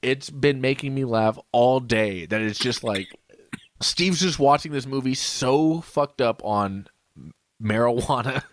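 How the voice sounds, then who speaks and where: A man's voice: medium pitch, measured pace, background noise. A man co-hosting a podcast in casual chat, rambling, laughing and hiccuping after drinking. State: hiccuping, drunk. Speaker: podcast co-host.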